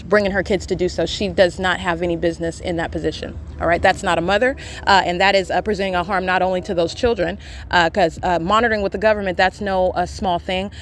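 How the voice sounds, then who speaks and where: A woman's voice: fairly low pitch, fairly even intonation. A woman podcaster giving live, insistent commentary outdoors by a street, with frequent filler sounds. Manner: rapid, insistent talk with many filler sounds. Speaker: podcaster documenting in real time. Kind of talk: live self-recorded commentary. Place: outdoors beside a street, sitting in shade. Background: passing traffic and plane engines.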